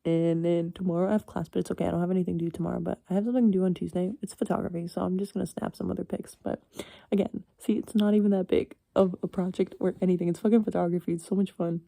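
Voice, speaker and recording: Woman, 18, late-night solo chat, rambling, blunt, swears a lot, gravelly fry, dry close sound. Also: lowish voice, little pitch movement, very fast, dark tone, dry recording. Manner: rambling, frank, swears freely, chuckles often. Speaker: university student.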